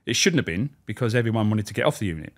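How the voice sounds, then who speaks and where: A former prison officer telling stories in a blunt, sweary, rambling way in a casual interview. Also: male voice, lowish voice, lively intonation, racing.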